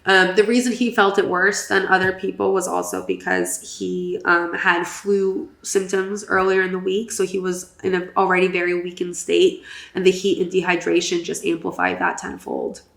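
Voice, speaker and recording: A young woman chatting through a race recap on a podcast, loose and animated, tossing in fillers as she goes. Her voice carries a gravelly fry. The room sounds echoey around her. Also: on the low side, moderate pace. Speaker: podcast co-host. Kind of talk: casual race recap chat.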